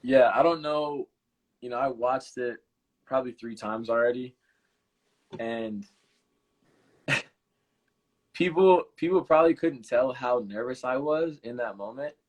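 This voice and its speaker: In an unhurried mid-range voice broken by frequent pauses, a young man hosts a casual live Q&A for his channel. He drifts through stories in a laid-back manner, saying "like" a lot, using many other fillers and going back over the same points.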